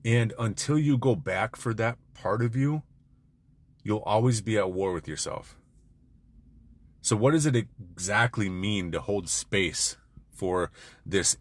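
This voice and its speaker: A man's voice: on the low side, animated, unhurried, pauses often. A man giving an intense, blunt motivational monologue to other men, peppered with swearing. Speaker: men's self-help speaker.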